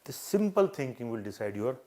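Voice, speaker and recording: A man's voice: medium pitch, big pitch swings, a little fast, a little mellow. An older man with an Indian English accent, giving earnest, repetitive advice as an interview coach and acting out short exchanges. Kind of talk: live advice session.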